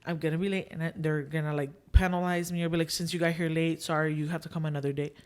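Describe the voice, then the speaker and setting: Speaking fast in a low-pitched voice, a young woman on her podcast chats her way through a story. She performs the dialogue of the people involved with energy, mixing Spanish filler phrases into her speech.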